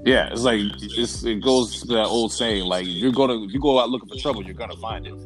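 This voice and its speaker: A man's voice: fairly low pitch, brisk, over music. A man hosting a podcast, chatting casually with a loose, profane, laid-back manner and a Southern US accent. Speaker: podcast host.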